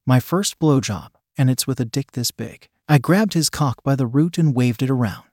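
A man narrating a story in a steady first-person reading. His voice sits at an ordinary pitch, recorded close and dry. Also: normal speed, dry recording. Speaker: story reader. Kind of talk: scripted narration.

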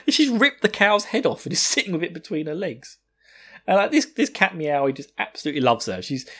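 A man's voice: sits high, slightly rough. A man co-hosting a podcast, recapping an anime episode in a casual, profane way and laughing often. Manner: laughing, profane, animated retelling. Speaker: podcast co-host.

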